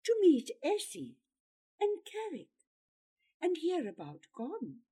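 A woman voicing an earnest, apologetic young boy who speaks quietly and pleads. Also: sits high, huge pitch swings, takes it slowly, pitched above the performer's own voice, full character voice. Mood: pleading.

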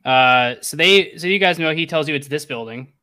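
A young man narrating as game master, halting and restarting often as he talks. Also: fairly high pitch, sharp tone. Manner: halting, many restarts and fillers.

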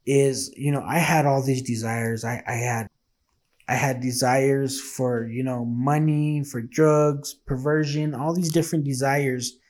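A man's voice: mid-range voice, darkish tone. A man telling his faith testimony in a casual, earnest and emotional way, acting out the dialogue he quotes.

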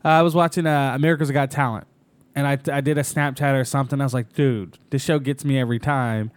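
A man's voice: mid-range voice, steady tone, quick pace, smooth, no echo. A man co-hosting a casual podcast, easygoing and chatty, peppering his stories with "dude.". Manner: easygoing, says "dude" a lot. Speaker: podcast co-host.

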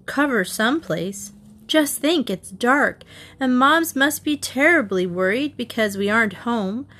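A woman's voice: on the high side, fairly bright tone, pitched above the performer's own voice. A woman reading aloud, voicing a spunky, anxious teenage girl sleuth in a raised, emphatic voice.

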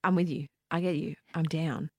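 A woman's voice: low-pitched, fairly even intonation, moderate pace, slightly rough, dry recording, clean studio sound. A woman hosting a casual radio chat show, rambling a little and giggling through playful banter. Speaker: radio host.

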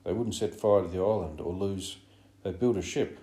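A man's voice: sits low, moderate pace, mellow. A man reading an audiobook, voicing an anxious, fussy schoolboy who pleads earnestly. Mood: wistful. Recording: roomy echo.

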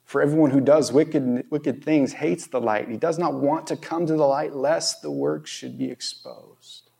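Gravelly-voiced male pastor preaching. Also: a little high, fairly even intonation, a little slow. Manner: storytelling, conversational with loud emphatic bursts and hushed whispered pleas. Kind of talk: sermon. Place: church sanctuary.

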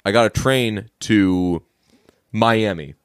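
A man with a clear, resonant tone speaks slowly as he recaps a movie plot in a casual podcast chat, where he's a co-host. He animates the storytelling by acting out characters' lines in a raised, higher voice. The sound is studio quality, free of echo.

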